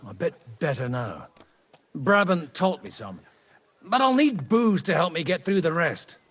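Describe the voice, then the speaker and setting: An actor playing a blunt, boozy priest in disguise as a cardinal, grumbling and coarse in a husky voice. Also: male voice, fairly high pitch, big pitch swings, a little slow, fairly bright tone, heavily acted. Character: boozy irreverent male priest posing as a cardinal. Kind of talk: video game dialogue.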